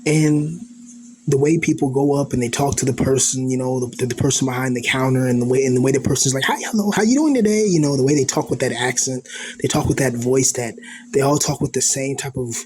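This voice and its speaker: Guy rambling thru a soul-searching vlog, lots of you know and like, mid pitch, faint hiss behind. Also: little pitch movement, a little fast, darkish tone. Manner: earnest and introspective. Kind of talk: reflective personal monologue.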